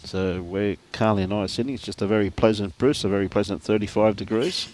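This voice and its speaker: A man's voice: fairly low pitch, steady tone, quick pace, darkish tone. A man with an Australian accent giving live lawn bowls commentary outdoors, chatty and laughing often as he greets viewers by name. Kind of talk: live sports commentary and casual chat.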